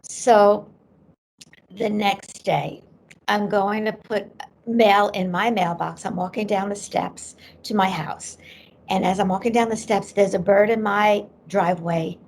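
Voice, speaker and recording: Gravelly-voiced woman telling a story. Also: medium pitch, a little slow. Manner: animated storyteller who acts out quoted voices. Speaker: psychic medium guest. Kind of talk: storytelling in a podcast interview.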